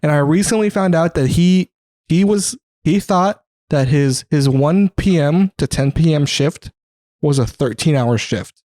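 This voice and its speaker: A man's voice: a little high, a little slow, a little mellow, dry recording. A young man co-hosting a podcast, telling stories in casual chat, laughing often and swearing a lot. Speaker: podcast co-host.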